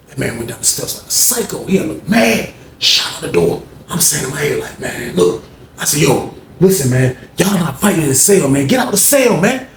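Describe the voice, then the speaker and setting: A man animatedly telling a story, acting out other people's voices in loud, high bursts. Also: big pitch swings, a little fast, vocal fry. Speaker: storyteller recounting jail events. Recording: echoey room with faint background noise.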